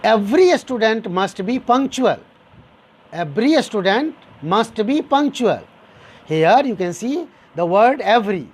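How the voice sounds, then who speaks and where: Male teacher, grammar lesson, slow deliberate delivery, lively rising and falling pitch, repeats examples. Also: breathy edge. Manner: repeats example sentences, explains step by step; addresses listeners as dear students.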